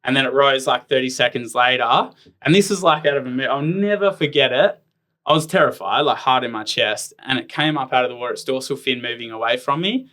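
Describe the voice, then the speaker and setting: A man's voice: mid-range voice, brisk, pushed and bright. An Australian man in his thirties, a guest telling stories in a casual interview, rambling with lots of "like" fillers. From Tasmania, Australia. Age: 30s. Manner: rambling, filler-heavy "like" storytelling. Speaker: guest, professional ironman athlete.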